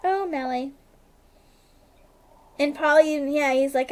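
A woman casually recapping a TV episode for a co-host, rambling along with lots of "like" and quick asides. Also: sits high. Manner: rambling retelling, heavy use of "like", quick asides. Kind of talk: casual chat.

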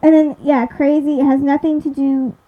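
A woman's voice: high-pitched, level tone, normal speed. A young woman casually recapping a TV episode with lots of fillers, sometimes losing track of her notes. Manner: rambling, many fillers, loses track of notes. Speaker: podcast host recapping a TV episode. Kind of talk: casual chat. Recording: dull lo-fi recording.

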